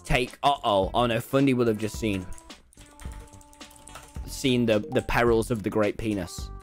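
A young man, bantering loudly and jokily on a live game stream. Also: mid-range voice, measured pace, faint music behind. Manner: loud, brash, jokey banter. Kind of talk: casual gaming chat on a live stream.

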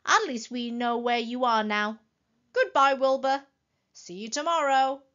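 A woman voicing a cheerful, clever male elephant who explains things brightly and patiently. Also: on the high side, a little slow, highs cut off, voice pushed up.

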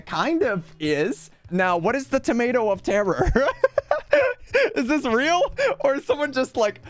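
Guy doing casual game commentary, high bouncy voice, goofy announcer bits. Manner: playful, narrates each stroke, mock announcer bits. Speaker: gaming video host. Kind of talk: casual commentary while drawing.

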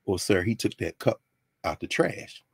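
A man's voice: fairly low pitch, sing-song, moderate pace, gravelly, husky, dry recording, exaggerated voice. A man voicing a young police officer who is curt and stiffly polite.

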